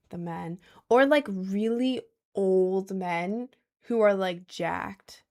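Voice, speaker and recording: A young woman livestreaming, chatting casually with her viewers in a rambling, animated way with lots of "like" and laughter. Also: medium pitch. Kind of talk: casual livestream chat reading viewers' messages.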